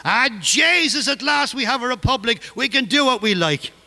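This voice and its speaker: A male storyteller voicing a tipsy bowler-hatted man shouting in the street. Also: very high voice, animated, normal speed, long reverb tail, voice pushed up, full character voice. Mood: drunken glee. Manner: loud drunken exclamation.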